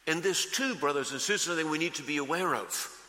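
A pastor preaching a sermon, slow and emphatic, repeating key phrases for weight. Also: male voice, fairly high pitch, animated, pushed and bright. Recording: long reverb of a large hall.

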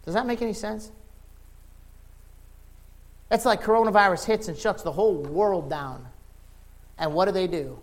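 A middle-aged male preacher with a high voice delivers a sermon in plain, folksy language. He drops low and quiet, then climbs into impassioned shouting. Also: moderate pace, long pauses. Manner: folksy, informal phrasing.

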